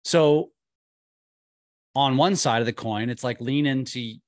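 Conversational podcast host, dry sound. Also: male voice, medium pitch, unhurried, no echo. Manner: conversational, with frequent restarts and emphatic questions. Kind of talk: casual interview chat.

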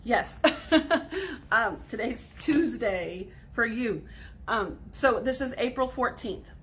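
A woman's voice: on the high side, lively intonation, takes it slowly, a bit bright. A woman in her forties, a sixth grade teacher, patiently explaining grammar step by step in a recorded lesson for students at home.

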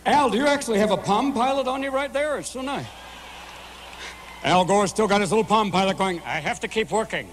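A man in his forties performing live stand-up comedy in a large venue, manic and rapid-fire, jumping between voices. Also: high-pitched, a little hiss or hum. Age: 40s.

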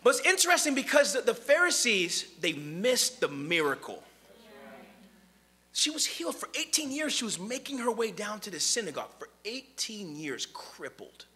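A young man delivers a casual, animated sermon in a high, bright, cutting voice. His pitch swings widely as he jumps between plain talk and quoted voices. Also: moderate pace. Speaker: preacher.

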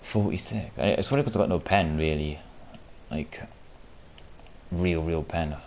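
A man giving casual, rambling commentary over his own gameplay, swearing often and breaking into loud shouts and laughter. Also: deep voice, moderate pace, vocal fry, slight background noise. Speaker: gaming video creator.

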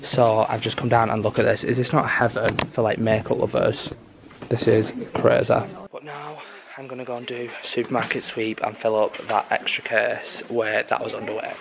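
A man's voice: mid-range voice, flat delivery, moderate pace, vocal fry, crowd noise. A young man, chatting upbeat to camera in a casual travel vlog on a handheld phone. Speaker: makeup content creator.

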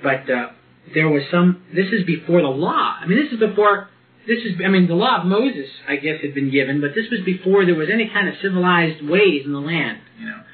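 A man's voice: high voice, expressive, fairly quick. A man preaching a sermon and reading from the Bible, talking conversationally with frequent laughs and restarts. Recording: tinny lo-fi recording with faint hiss.

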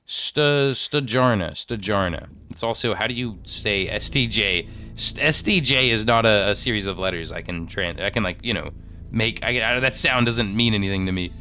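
Bright-voiced young man rambling over a game. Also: on the low side, moderate pace, slight background noise. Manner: rambling, thinking aloud, self-deprecating. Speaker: game streamer. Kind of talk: casual gameplay commentary. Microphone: desk microphone.

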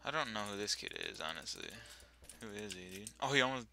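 A young man at home giving excitable, swearing commentary over his own gameplay, now and then yelling at his dog. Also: on the low side, fast talker. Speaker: gaming YouTuber.

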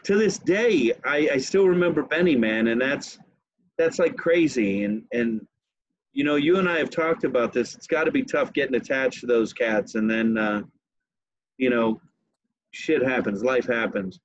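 Husky man telling a story, lo-fi. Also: medium pitch, moderate pace, no room sound. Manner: animated, laughs while telling stories. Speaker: podcast host. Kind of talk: casual storytelling chat.

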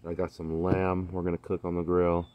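Laid-back deep-voiced man in a garden. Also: completely flat delivery, a little fast, muffled recording. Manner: laid-back, slangy, lots of fillers. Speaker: vlogger. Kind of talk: casual chat. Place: backyard garden, outdoors.

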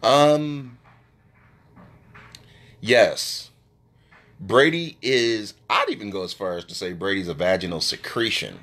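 A man hosting a live stream, ranting brashly and profanely in casual trash talk, with his voice often jumping high when he gets worked up. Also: slow, pauses often, fairly bright tone. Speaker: live-stream sports show host. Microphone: phone.

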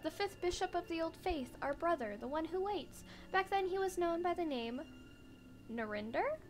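A woman reading aloud the lines of a sorrowful, brooding ancient spider god from a video game, slow and solemn, in her own high voice. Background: game music.

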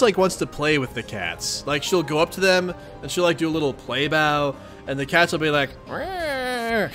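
A young man reading a webcomic aloud and chatting through his reactions in an excitable, rambling way. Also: on the high side. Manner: excitable, chatty, lots of fillers. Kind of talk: casual reaction commentary.

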